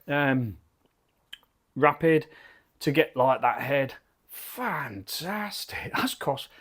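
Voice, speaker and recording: Chatty British man reviewing beer. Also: a little high. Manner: chatty, enthusiastic, rambling. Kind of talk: casual video review. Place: garden cabin bar.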